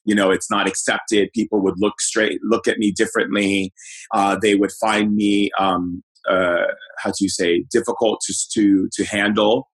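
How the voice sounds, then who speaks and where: A middle-aged man with a fairly low, husky voice tells a personal story as an interview guest. He talks loosely, searching for words and restarting sentences, in an easygoing conversational manner. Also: normal speed, poor audio. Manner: relaxed, conversational recounting. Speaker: shaman guest.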